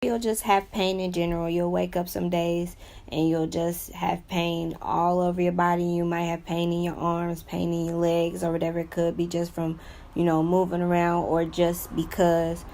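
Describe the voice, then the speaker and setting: A young woman speaks in a low, fairly level voice, sharing her experience in an unscripted personal vlog. She rambles earnestly, leaning on "you know" and "like" as she goes. Her delivery stays plain and conversational. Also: completely flat delivery, moderate pace, warm tone. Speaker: vlogger sharing her own illness.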